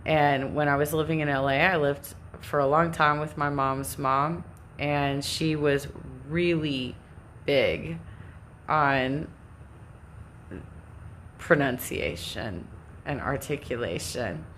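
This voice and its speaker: A woman with a Californian accent chats at an unhurried pace to her live stream viewers. Her voice sits low, and she rambles, restarts and laughs off her own sentences as she goes. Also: a bit bright, slight background noise. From Southern California. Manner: rambling, self-interrupting, laughs often. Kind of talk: casual monologue.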